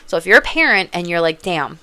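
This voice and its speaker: A woman from Minnesota, a psychic and life coach giving casual advice in a blunt, profane, sassy way and breaking into loud outbursts. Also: lowish voice, lively intonation, fairly quick, smooth, dry recording.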